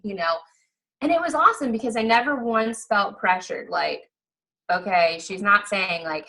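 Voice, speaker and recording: A woman's voice: mid-range voice, lively intonation, a little slow, sharp tone, low-quality recording. A woman in her thirties telling her personal story as a fitness coach, chatty and earnest with lots of fillers, acting out quoted conversations. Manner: acts out quoted exchanges in livelier voices. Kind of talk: personal testimonial.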